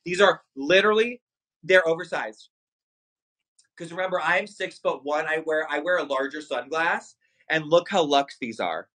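Guy running a live shopping stream, bright kinda high voice, super hyped about the stuff. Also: normal speed, rough recording. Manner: excitable, hyping products to viewers. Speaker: livestream shopping host. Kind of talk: live sales stream chat.

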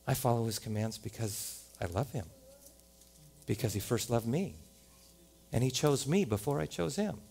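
A man with an American accent preaching a sermon as a pastor in a church, animated, often rising to loud exclamations and playful rhymes. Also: mid-range voice, moderate pace, creaky, long pauses. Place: church sanctuary.

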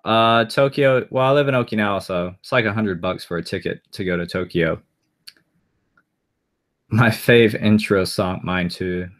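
A man's voice: on the low side, normal speed, fairly bright tone. A man chatting casually on a live stream, rambling and answering viewer comments aloud as he goes.

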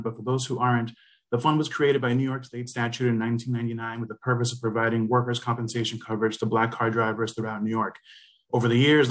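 A man reading prepared testimony as a spokesman for an advocacy group, brisk and businesslike, at a remote hearing over a video call. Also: medium pitch, a bit bright.

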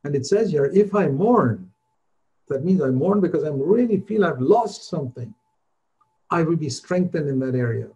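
An older man preaching a sermon in an earnest, conversational way, rising in pitch on the points he stresses. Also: expressive, normal speed, dark tone, rough recording. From India.

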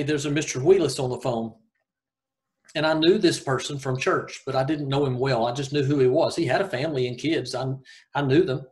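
A man in his fifties with a Southern American accent, a golf coach telling personal stories in an interview, earnest and halting with many restarts. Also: mid-range voice. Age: 50s. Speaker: high school golf coach, guest. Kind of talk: casual interview storytelling.

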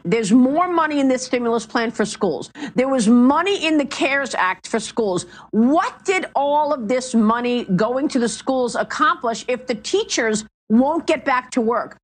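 A woman interviews a guest on the news, pressing him with pointed questions. Her voice is high and moves a lot in pitch. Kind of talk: broadcast interview.

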